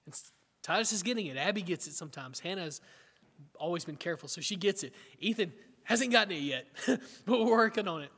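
A man's voice: high-pitched, expressive, fairly quick, bright, forceful tone. A middle-aged man preaching a sermon in an earnest, conversational way, often asking his listeners questions. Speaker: pastor. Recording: long hall reverb.

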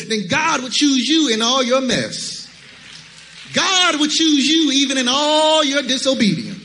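Guy preaching in a church, really high voice, big reverb all around, fired-up sermon. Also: bright, forceful tone. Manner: emphatic preaching with rhetorical questions. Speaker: pastor. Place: church sanctuary.

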